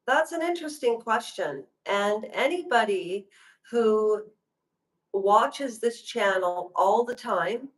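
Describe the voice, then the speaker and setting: A woman's voice: medium pitch, low-quality recording. A woman hosting a casual livestream, chatting to viewers in a rambling, direct way. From Canada. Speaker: livestream host.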